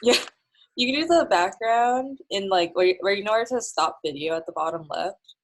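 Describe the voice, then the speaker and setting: A young woman teaching a coding class over a video call, chatty and relaxed with many fillers and laughs. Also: medium pitch, moderate pace, rough recording. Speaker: coding instructor.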